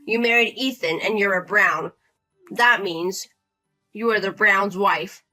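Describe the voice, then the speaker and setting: A woman reading as a condescending, bossy man in his thirties, scolding as if he owns the place. The voice is bright and forward, with a demanding, talking-down manner. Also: mid-range voice, measured pace, soft background music.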